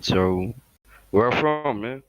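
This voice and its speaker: A man's voice: mid-range voice, expressive, extremely slow, poor audio. A man from Algeria making brief, friendly small talk on a voice call. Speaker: stranger on a voice chat.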